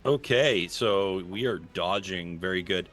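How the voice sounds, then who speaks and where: A man's voice: sits low, unhurried, fairly bright tone, soft background music. A man narrating a tabletop game as its game master, playful, describing the action and then voicing onlookers. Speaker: dungeon master.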